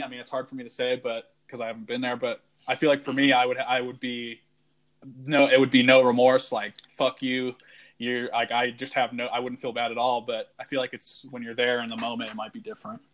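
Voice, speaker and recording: A man's voice: mid-range voice, little pitch movement, brisk, a bit bright. Easygoing male podcast host. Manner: easygoing, hesitant, lots of ums and restarts. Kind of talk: casual podcast chat.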